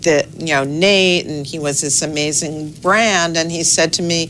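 A middle-aged woman, a newspaper's executive editor, answering interview questions in a measured, thoughtful way with pauses and fillers. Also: sits low, fairly even intonation, a bit bright, a little hiss or hum.

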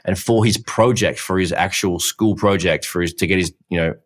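A man co-hosting a podcast, recounting stories with enthusiasm and the odd swear word. His voice is very deep and low. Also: normal speed. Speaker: podcast co-host. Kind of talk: casual chat.

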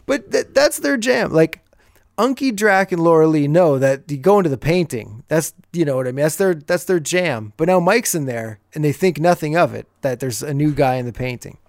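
A man's voice: a little high, expressive, moderate pace, creaky, darkish tone, no echo, studio quality. A man hosting a podcast, casually recapping an old TV episode and chuckling as he retells the scenes.

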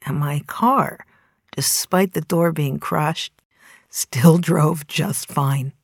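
A middle-aged woman telling a personal story in a measured way, dropping to a hushed near-whisper at tense moments. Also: low-pitched, creaky, slightly rough, no echo, studio quality.

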